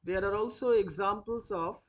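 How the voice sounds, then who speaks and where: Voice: medium pitch, normal speed. A teacher dictating notes for a literature lesson, repeating each phrase and spelling out words letter by letter. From India. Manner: frequent "uh" fillers when explaining.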